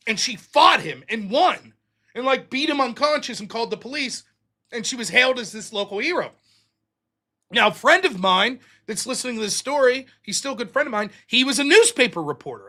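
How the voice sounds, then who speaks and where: A man's voice: very high voice, bright, forceful tone. A middle-aged American man hosting his show, telling a long story in a casual, profane way and acting out the quotes. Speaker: host.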